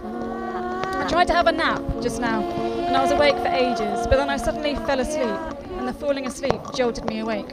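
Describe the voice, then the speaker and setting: A woman's voice: high voice, moderate pace. A woman performing her spoken-word poetry live on a festival stage, rhythmic and repeating phrases. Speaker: poet performing her work. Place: festival stage before an audience.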